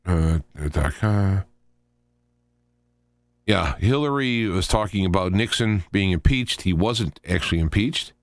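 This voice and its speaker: A man with a fairly low voice talks his way through opinionated commentary, wandering from point to point as he thinks aloud. The sound is dry and close, with no room around it. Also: animated, unhurried, dry recording. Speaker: show host. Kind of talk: solo political commentary.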